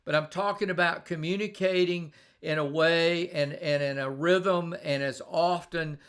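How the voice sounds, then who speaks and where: A man's voice: a little high, fairly even intonation, a little slow, a bit bright, clear, resonant tone. A middle-aged man giving a conversational live-streamed leadership talk, telling stories and often repeating and restarting words. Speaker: leadership speaker.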